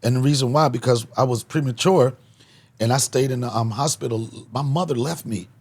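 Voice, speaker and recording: A man from the Washington, D.C. area hosting a podcast, telling a comic story with loud punchlines and bursts of laughter. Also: mid-range voice, a little fast, a little hiss or hum. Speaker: podcast host, comedian.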